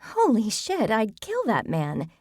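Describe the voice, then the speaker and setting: A woman's voice: a little high, huge pitch swings, takes it slowly, a little mellow, breathy edge, no room sound, studio quality, voice pushed up, full character voice. A woman voicing a blunt, scornful, foul-mouthed woman among friends in an audiobook.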